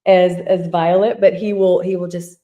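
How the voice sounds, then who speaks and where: A woman's voice: lowish voice, little pitch movement, moderate pace, warm tone. A woman in her thirties, co-hosting a podcast, who tells personal stories in a candid, emotional way, with many fillers and restarts. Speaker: podcast co-host. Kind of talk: casual chat.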